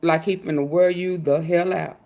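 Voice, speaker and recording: A woman's voice: on the low side, steady tone, moderate pace, mellow. A woman hosting a commentary vlog, reacting in slangy casual talk to news clips.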